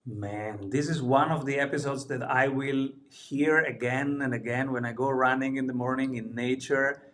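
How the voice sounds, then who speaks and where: A man's voice: medium pitch, fairly even intonation, moderate pace, fairly bright tone. Enthusiastic Italian man hosting a podcast. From Italy. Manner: enthusiastic, emphatic repetition. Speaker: podcast host. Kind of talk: casual interview chat.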